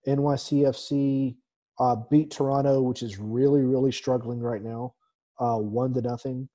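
A man hosts a casual soccer talk show, working through the evening's scores in a mellow, relaxed voice. He fills the gaps with ums and uhs and slips in a dry, sarcastic aside now and then. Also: mid-range voice, moderate pace. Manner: reads scores with many fillers, dry sarcasm. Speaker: soccer podcast host.

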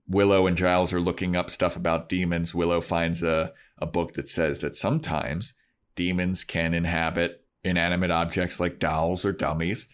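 A man's voice: sits low, flat delivery, normal speed. A man co-hosting a podcast, casually recapping a TV episode with hesitant fillers. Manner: retells scenes, hesitant fillers. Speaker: podcast co-host.

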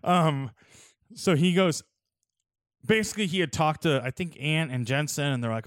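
A man's voice: a little high, expressive, normal speed, dry recording, studio quality. A young man telling stories in a casual chat, laid-back, full of "like" and "dude".

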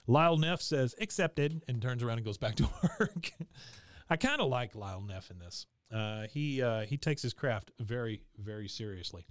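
A man's voice: animated, normal speed, no room sound. A man casually recapping a cartoon episode on a podcast, narrating scenes and briefly voicing the characters' lines. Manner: retells scenes, acting out character lines with raised pitch; frequent fillers and restarts while narrating. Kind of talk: casual chat.

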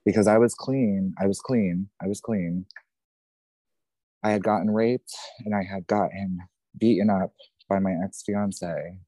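A man's voice: low voice, fairly even intonation, unhurried, pauses often, dark tone, dry recording. A man in his thirties, a podcast guest, telling a painful personal story in a raw, intense way, swearing often and repeating himself. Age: 30s.

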